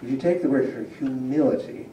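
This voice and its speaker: Male lecturer, very mellow dark voice, heard from afar in an echoey hall, chatty and explanatory. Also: medium pitch, a little fast, a little hiss or hum. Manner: explanatory, asks the audience questions, chuckles often. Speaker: university linguistics lecturer. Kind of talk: public lecture to a community audience. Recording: roomy hall picked up from a distance.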